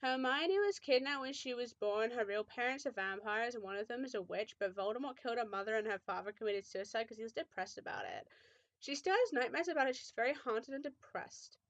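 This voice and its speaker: A woman's voice: a little high, expressive, fairly quick, no echo, muffled recording. A young woman reading a fan fiction aloud with mock drama, often breaking off to make sarcastic remarks.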